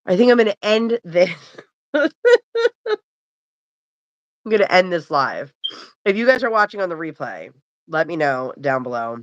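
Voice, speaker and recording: A woman's voice: on the low side, animated, a little slow, pauses often, no echo. A middle-aged woman hosting a casual live stream from home, rambling and sleepy, yawning between chatty remarks. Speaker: livestream host. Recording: dull, dry home mic.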